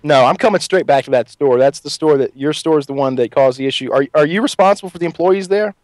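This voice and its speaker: A man's voice: fairly high pitch, quick pace, darkish tone, close to an everyday voice. A man playing an angry redneck father on a prank phone call, making folksy threats. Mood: threatening. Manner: blustering threats, folksy drawl.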